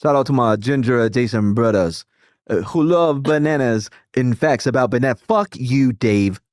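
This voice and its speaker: A streamer putting on a joking bayou Creole drawl to read a crude viewer message. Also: male voice, mid-range voice, moderate pace, darkish tone, dry recording, studio quality, lightly acted. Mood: mock drawl.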